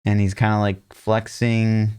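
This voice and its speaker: Laid-back male co-host, low voice, filler-heavy and blunt, dry close mic. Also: flat delivery, unhurried, mellow, clean tone, no room sound. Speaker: podcast co-host. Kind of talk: casual gaming podcast chat.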